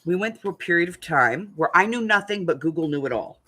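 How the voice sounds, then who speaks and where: A woman's voice: on the low side, animated, brisk, bright, forceful tone, a little hiss or hum. An older woman, a craft channel host, chatting frankly and laughing as she tells family stories. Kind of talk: casual storytelling chat.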